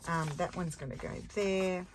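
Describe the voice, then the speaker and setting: A woman's voice: on the low side, fairly even intonation, moderate pace, slight background noise. An older woman with an Australian accent, tired, chatting casually and thinking aloud as she works on a craft project. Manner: chatty, easily distracted, thinks aloud while working. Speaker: craft channel host.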